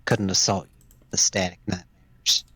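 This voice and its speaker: A man voicing a gruff male creature with a Southern US accent in an online tabletop game, half-whispered and low. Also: flat delivery, moderate pace, sharp tone, dry recording, heavily acted. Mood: menacing.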